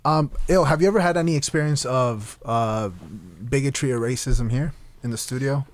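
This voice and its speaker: A male podcast host in casual chat, asking relaxed, probing questions. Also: medium pitch, moderate pace, dry recording.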